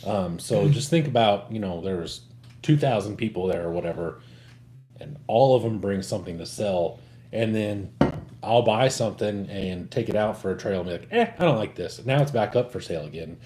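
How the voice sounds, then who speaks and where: Deep, low-key man chatting casually. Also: moderate pace, mellow. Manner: laid-back, swears casually, joking. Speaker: co-host of a hobby livestream. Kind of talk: casual chat while working on a build.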